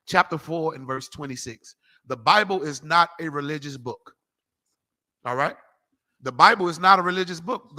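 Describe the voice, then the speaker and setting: A man preaches in a loose, animated street style, driving each point home. His voice sits fairly high for a man and rings bright and forceful. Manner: animated, slangy, emphatic, calls for scripture readings. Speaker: street preacher teaching a class. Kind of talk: preaching lecture.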